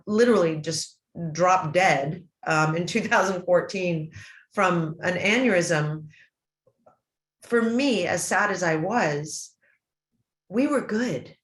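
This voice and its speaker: Middle-aged woman guest, earnest and emotional storyteller with halting restarts, mid pitch, echoey hall. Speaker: interview guest. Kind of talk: personal storytelling in an interview. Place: event stage or hall. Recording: roomy, echoey room.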